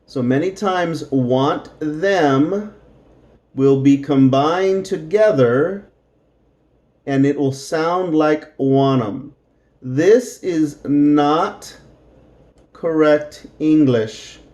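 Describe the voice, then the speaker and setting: A middle-aged man teaching English slowly to Spanish speakers, repeating each word and adding Spanish glosses. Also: on the high side, a little mellow.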